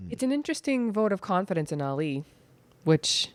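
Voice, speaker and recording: A man's voice: high voice, big pitch swings, brisk, clear, resonant tone, dry recording. A man in a casual film podcast, thinking aloud reflectively about a character's meaning. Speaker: podcast co-host.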